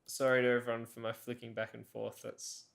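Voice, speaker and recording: A man's voice: mid-range voice, level tone, brisk, creaky, a bit bright. A man composing in a studio, talking casually and hesitantly as he works. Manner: hesitant, thinking aloud. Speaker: composer demonstrating writing. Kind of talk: casual working chat. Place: music studio. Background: music playback.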